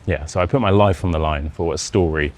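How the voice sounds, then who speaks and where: A man's voice: deep voice, fairly quick. A young British man with a Modern RP accent, an English teacher casually telling a self-deprecating personal anecdote. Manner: chatty, self-deprecating, acts out quoted dialogue.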